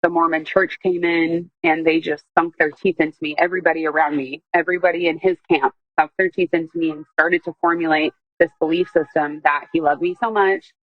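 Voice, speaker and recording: A woman with a lowish voice tells a personal story in a loose, rambling way, full of fillers and quoted speech. The recording is dry, with a slightly dull, muffled sound. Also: fairly even intonation, fairly quick, hardly any pauses, no echo. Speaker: guest telling her story.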